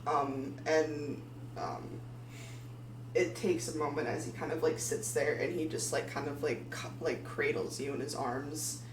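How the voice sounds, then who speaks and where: A woman's voice: deep voice, steady tone, measured pace. A woman narrating as game master of a tabletop game, hesitant and full of filler words. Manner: hesitant, full of ums and likes. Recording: echoey room, far from mic, faint hum.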